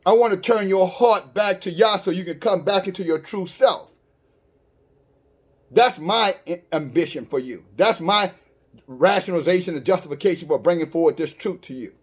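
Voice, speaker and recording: A man's voice: high-pitched, moderate pace, husky. A man preaching an online sermon, talking straight to his listeners with rhetorical questions and many stammered restarts. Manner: emphatic, with frequent stammered restarts.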